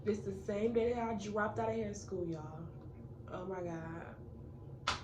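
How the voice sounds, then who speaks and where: A woman's voice: mid-range voice, slow. An eighteen-year-old woman telling a casual storytime, chatty and full of fillers, talking straight to her viewers. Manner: chatty, filler-heavy, addresses viewers as y'all. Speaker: vlogger. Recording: echoey room, mic at a distance, noisy.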